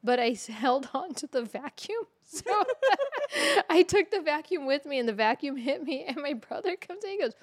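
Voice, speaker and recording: A woman co-hosting a casual podcast, telling a story in an animated way, swearing freely and laughing through it. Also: sits high, dry recording, clean studio sound. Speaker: podcast co-host.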